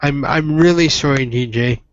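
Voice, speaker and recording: A man narrating his character's actions in a voice-chat role-play game, in a halting way with many restarts, on a dull lo-fi voice chat recording. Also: medium pitch, slight background noise. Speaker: player.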